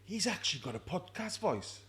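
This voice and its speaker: A man co-hosts a relaxed podcast from a rugby clubhouse bar. His talk is lively and full of repeats and laughter. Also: high voice, fairly quick. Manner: animated, repeats himself, laughs a lot. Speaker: podcast co-host. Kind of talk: casual pub chat.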